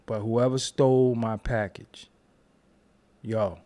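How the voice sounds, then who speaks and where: A man's voice: medium pitch, fairly even intonation, slow pace, warm tone. A man hosting a casual live stream, loose and rambling, tired and yawning between repeated phrases. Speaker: YouTube commentary host.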